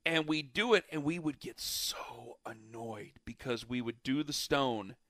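A man's voice: medium pitch, measured pace, fairly bright tone, no room sound, studio quality. A man in casual chat, telling long rambling stories with lots of fillers and restarts.

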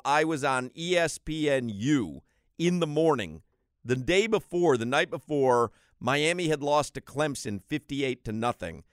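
A man's voice: a little high, animated, measured pace, no echo, clean studio sound. A man hosting a sports radio show, bantering with his co-host and reading listener texts aloud with big swings in energy.

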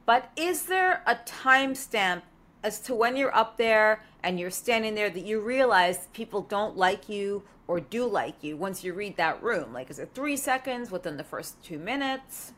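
A woman's voice: mid-range voice, animated, measured pace, fairly bright tone. A woman hosting a podcast, chatting casually, asking long rambling questions and reading a sponsor spot. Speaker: podcast host. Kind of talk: casual interview and ad read.

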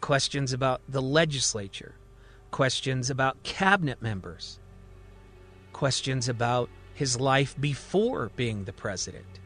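A male radio storyteller narrating a sci-fi drama at an unhurried pace. His delivery is measured and deliberate, with faint music playing underneath. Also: mid-range voice, fairly bright tone.

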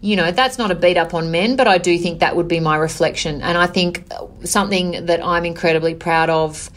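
A woman, a business owner answering interview questions in an earnest, measured way, often saying "you know". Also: lowish voice.

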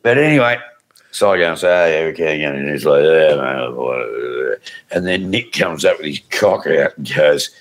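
A man's voice: deep voice, animated, a little fast, fairly bright tone. A man telling crude anecdotes in a rambling, casual podcast chat. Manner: rambling bawdy storyteller.

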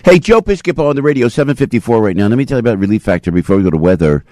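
An older man hosting a talk radio show, chatting and doing a live ad read in a lively, jokey way that swings between loud and soft. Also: medium pitch, rapid-fire, no room sound, clean studio sound. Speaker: radio host. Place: radio studio. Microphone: studio microphone.

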